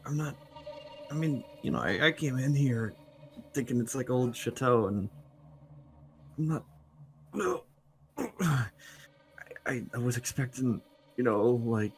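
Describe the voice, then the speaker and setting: A man's voice: medium pitch, lively intonation, measured pace, pauses often, a little hiss or hum. A man voicing a rattled, awkward young survivalist in a tabletop role-play, talking with nervous stammers and restarts.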